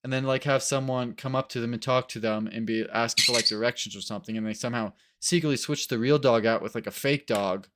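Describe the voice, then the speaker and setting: A man chatting casually in a reaction video, rambling and animated, often acting out other people's voices. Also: mid-range voice, fast, few pauses, heavy background noise. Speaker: co-host.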